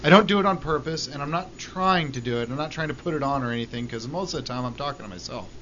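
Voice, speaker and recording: Speaking fast in a mid-range voice, a man co-hosts a laid-back podcast, cursing without restraint as he animatedly spins stories. The recording sounds muffled and lo-fi, carrying a faint hiss.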